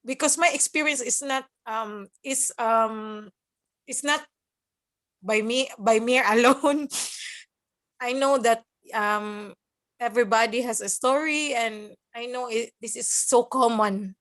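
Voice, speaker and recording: Filipino woman in her 30s, podcast guest; slow, halting delivery, fairly high voice. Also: fairly bright tone. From Philippines. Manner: halting, mixes English and German, laughs through tears. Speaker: guest, nurse working abroad. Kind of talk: emotional podcast interview.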